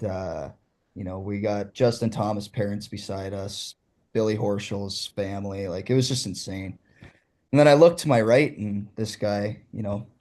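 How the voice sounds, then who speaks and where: A young man from Ontario talks as a guest on an interview show. His voice sits low and mellow, and he tells his story excitedly, laughing along the way. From Ontario, Canada. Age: young adult. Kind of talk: casual storytelling.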